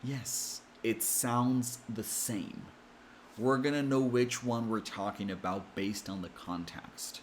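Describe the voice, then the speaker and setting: American guy teaching pronunciation, slow and careful, lowish voice, faint noise. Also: fairly even intonation. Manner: slow, careful, deliberate explanations. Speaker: English pronunciation coach. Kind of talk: explanatory lesson.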